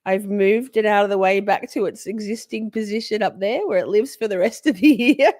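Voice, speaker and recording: A woman's voice: mid-range voice, a little fast, darkish tone, dry recording, clean studio sound. A woman hosting a live stream, chatting casually with viewers. She is playful, laughs often, swears freely and talks straight to her audience. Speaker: livestream host.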